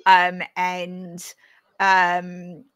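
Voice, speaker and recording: Slow-talking woman hosting a casual chat. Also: on the low side, completely flat delivery, a bit bright, clear, resonant tone, lo-fi sound. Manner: hesitant, many ums, laughs often. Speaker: podcast host.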